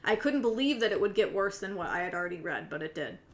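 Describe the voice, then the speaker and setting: A woman's voice: mid-range voice, expressive, fast talker. A woman giving casual commentary on a case in a conversational way, with many fillers and a tone of disbelief. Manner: conversational, frequent "like" fillers, incredulous. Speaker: commentary youtuber.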